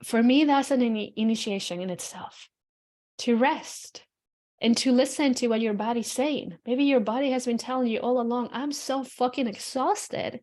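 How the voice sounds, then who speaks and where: Chatty higher-voiced woman podcaster. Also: moderate pace, darkish tone. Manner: loose, chatty, peppered with "you know" and "like"; frank, drops the odd swear word. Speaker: podcast host. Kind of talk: casual reflective spiritual monologue.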